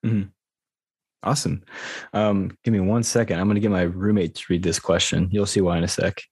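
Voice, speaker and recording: A man's voice: sits low, level tone, brisk, darkish tone, slightly rough, no room sound, studio quality. A man hosting a podcast in an upbeat, easygoing way. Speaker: podcast host. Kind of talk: casual chat.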